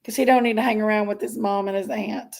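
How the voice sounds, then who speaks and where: A woman's voice: medium pitch, steady tone, fast talker, vocal fry, darkish tone. A woman hosting a casual livestream, chatting and greeting viewers by name as she reads their comments. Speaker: livestream host reading chat.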